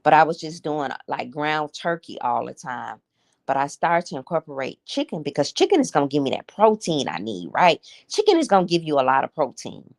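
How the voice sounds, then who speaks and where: A woman's voice: deep voice, sing-song, fairly quick, creaky. A woman, hosting a candid livestream chat and confiding in her viewers with emotion. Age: 50s. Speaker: livestream host. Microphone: streaming setup.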